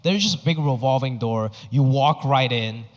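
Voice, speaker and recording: A stand-up comedian from Hong Kong in his thirties, performing an animated, exaggerated set on a theater stage. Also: medium pitch. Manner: animated, exaggerated, quick punchlines. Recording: stage mic in a reverberant hall.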